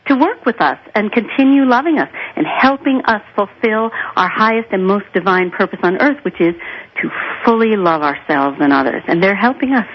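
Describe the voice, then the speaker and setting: Appearing as a guest on a radio show, a therapist and author shares stories in an earnest, emphatic way. She has a mid-range, animated voice at normal speed, captured in dull audio with slight background noise.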